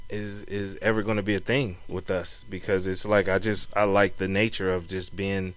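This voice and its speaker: A man's voice: low voice, little pitch movement, moderate pace. A young man co-hosting a podcast, telling stories in a laid-back, slangy way and often saying "man" and "you know what I'm saying.". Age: young adult. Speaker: podcast co-host. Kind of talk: casual chat.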